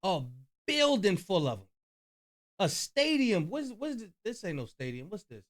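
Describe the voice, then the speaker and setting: A man's voice: high voice, very animated, a little slow, fairly bright tone. A man hosting a reaction video, chatting loosely with slang and profanity about clips he plays. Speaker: reaction channel host. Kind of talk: casual commentary on clips.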